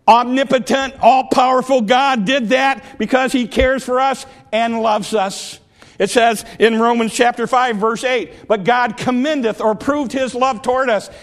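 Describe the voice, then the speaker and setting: A man preaching a sermon with an emphatic, repetitive cadence, sometimes rising to shouts. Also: very high voice.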